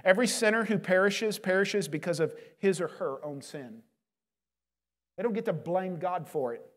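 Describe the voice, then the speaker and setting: A man's voice: high voice, animated, normal speed, a bit bright. A male pastor preaching a sermon, earnest and emphatic, pleading with his listeners. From United States.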